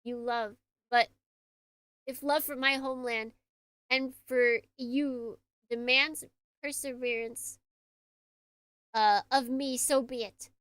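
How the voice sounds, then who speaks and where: A woman's voice: high voice, steady tone, slow pace, pauses often, fairly bright tone, clear, resonant tone, no echo. A woman voicing a haughty male American officer with a put-on Southern accent, reading game dialogue in a cold, formal, lecturing manner. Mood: solemn.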